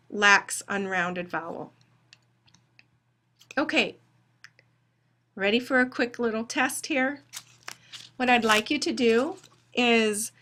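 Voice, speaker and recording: A woman phonetics instructor giving a recorded lecture, deliberately spelling out sounds and dictating test words. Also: on the high side, bright, forceful tone, slight background noise.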